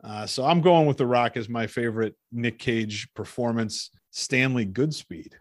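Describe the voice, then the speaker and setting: A man's voice: mid-range voice, unhurried, no room sound. Dry-voiced man in his forties hosting. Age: 40s. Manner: relaxed, laughs often, leads the segments. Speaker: podcast host. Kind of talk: casual chat.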